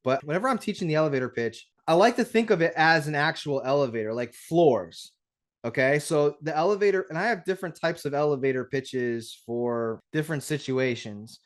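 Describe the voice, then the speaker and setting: A man with a voice pitched a little above the usual teaches on a livestream in a lively, chatty way. He acts out little conversations as he explains. He restarts his sentences often and keeps checking in with a quick "right?". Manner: animated, conversational, acts out dialogues; frequent restarts and rhetorical "right?". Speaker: real estate investing coach.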